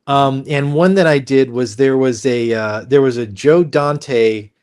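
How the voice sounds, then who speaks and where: This voice actor guest speaks in a mid-range, smooth voice with a darkish tone, a little on the slow side. He tells stories casually and ramblingly, full of restarts and fillers, acting out the people he quotes.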